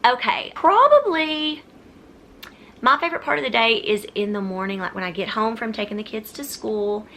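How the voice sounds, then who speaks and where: A woman's voice: on the high side, expressive, moderate pace, pushed and bright, slight background noise. A woman talks casually in a Q&A vlog from home. She rambles, often stops and restarts her sentences, and addresses viewers directly. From Texas. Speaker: vlogger.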